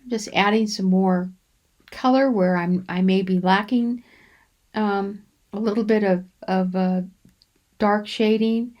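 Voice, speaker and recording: A woman hosting a crafting channel, talking through a coloring demonstration in an unhurried, rambling way with frequent ums and restarts. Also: mid-range voice, fairly even intonation, highs cut off. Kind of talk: relaxed coloring demonstration voice-over.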